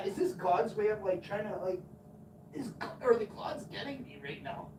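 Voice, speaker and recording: A man's voice: high-pitched, very animated, moderate pace. Rambling, swearing male streamer in his forties; off-mic and roomy. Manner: crude, rambling, swears often. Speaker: live streamer. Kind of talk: casual storytelling on a live stream. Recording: echoey room, far from mic, noisy.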